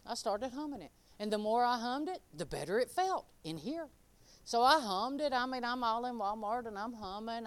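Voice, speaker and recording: A woman preaching an informal sermon and giving her testimony. She talks straight to the crowd and swings between soft, quiet asides and loud, emphatic lines. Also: a little high. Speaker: speaker giving a testimony and teaching.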